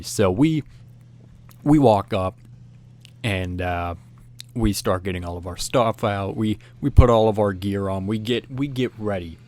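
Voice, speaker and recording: A man's voice: fairly low pitch, unhurried. Rambling man telling a story. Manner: rambling, frequent restarts and "you know"; animated, acts out whispered quotes. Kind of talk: casual spoken storytelling.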